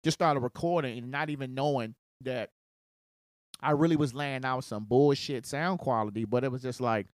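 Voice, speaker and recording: A man's voice: mid-range voice, moderate pace, no echo. A man hosting a podcast talks loose and casual, swearing freely and checking in with his guest again and again. His voice sits in a middle range. The sound is dry and close on the mic. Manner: loose and profane, lots of "you know what I'm saying". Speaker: podcast host. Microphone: studio condenser mic.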